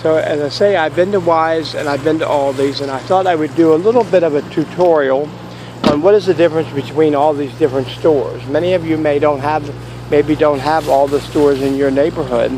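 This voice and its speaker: A man's voice: on the high side, steady tone, a little fast, background noise. A man vlogging from a store parking lot and then his car, telling a rambling, jokey story. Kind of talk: casual joking storytelling.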